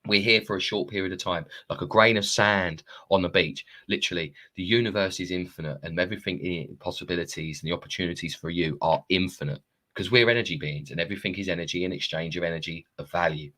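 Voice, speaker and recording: A man in his thirties with a low, deep voice chats live to his viewers through a phone. He rambles from thought to thought, drops the odd swear word and laughs at himself. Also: fast talker, bright, forceful tone. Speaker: live-streaming self-help coach. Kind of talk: casual live-stream monologue.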